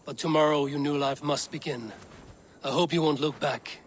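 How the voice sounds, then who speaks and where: A man voicing a calm Viking raider leader in a video game, measured and plain-spoken. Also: fairly high pitch, a little hiss or hum, lightly acted. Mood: steady.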